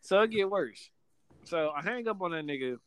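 A man telling a story to friends in a casual chat, slangy, profane and excitable. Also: sits high, normal speed, noisy background.

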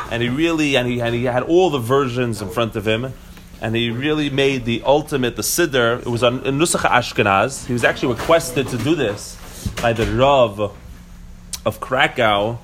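A man's voice: mid-range voice, fairly bright tone, a little hiss or hum. A man giving a casual Torah class to a few listeners, explaining step by step with frequent restarts and rhetorical questions. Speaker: teacher.

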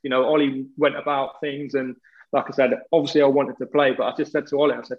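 A former footballer tells stories in a laddish, casual way, swearing freely. His medium-pitched voice stays fairly flat and he talks fast, captured on dull lo-fi audio.

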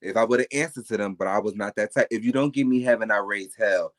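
A man's voice: fairly low pitch, quick pace. A man, a podcast guest, telling stories in casual interview chat with a blunt, emphatic and profane manner.

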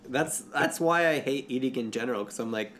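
A man co-hosting a podcast, dropping quick, joking interjections in casual chat. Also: mid-range voice, fairly bright tone, a little hiss or hum.

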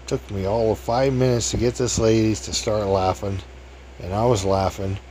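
Deep-voiced jokey man in his fifties. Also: steady tone, normal speed, darkish tone, a little hiss or hum. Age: 50s. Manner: jokey, chatty, laughs at his own stories. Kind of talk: casual spoken anecdote.

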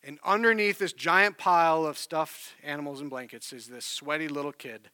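Bright-voiced pastor telling a story. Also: male voice, fairly high pitch, normal speed, no echo. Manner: animated storyteller, earnest and conversational. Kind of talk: sermon with personal story.

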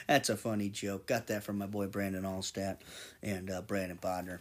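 A man's voice: sits low, level tone, normal speed. A man in his twenties hosting a podcast alone, rambling casually with constant swearing and jokes. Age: 20s. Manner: profane, rambling, jokey. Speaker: podcast host. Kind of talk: casual monologue.

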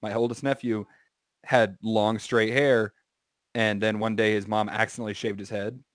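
A man's voice: fairly low pitch, little pitch movement, normal speed, no room sound, studio quality. A man telling a long, rambling anecdote with swearing and self-corrections in casual podcast chat.

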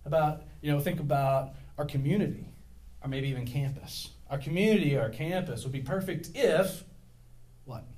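A middle-aged male pastor preaching to his church, chatty and prone to side stories and jokes at his own expense. His voice sits a bit high for a man. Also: moderate pace, darkish tone. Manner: rambling, digressive, self-deprecating humor. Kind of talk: sermon. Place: church with a congregation.

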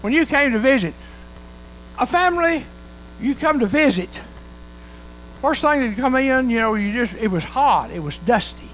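A man's voice: very high voice, expressive, normal speed, long pauses, a bit bright, a little hiss or hum, rough recording. A male pastor preaching a sermon in a folksy way, acting out the voices of the parable as he tells it.

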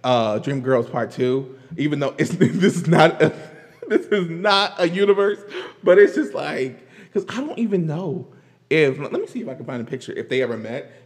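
A man giving loose, casual commentary as a vlogger, animated, laughing often and rambling into asides. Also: a little high, normal speed, big-room sound. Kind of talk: casual pop-culture commentary.

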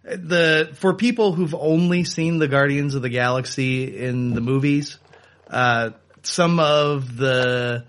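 A man co-hosting a casual podcast, reviewing a video game in quick bursts broken by fillers. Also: medium pitch, steady tone, fairly bright tone. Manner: talks fast in bursts, many fillers. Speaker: podcast co-host. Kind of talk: casual chat.

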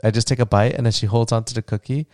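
A man's voice: medium pitch, fairly even intonation, quick pace, a little mellow, no room sound, clean studio sound. A man hosting a casual solo podcast, rambling and heartfelt, with many fillers, and tender and emotional when he talks about his child. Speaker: podcast host.

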